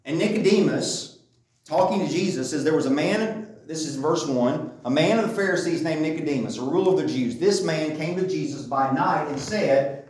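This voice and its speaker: A man with a slightly high, somewhat mellow voice preaches a sermon at normal speed in a conversational style, often repeating phrases for emphasis. The room is echoey and the mic sits at a distance.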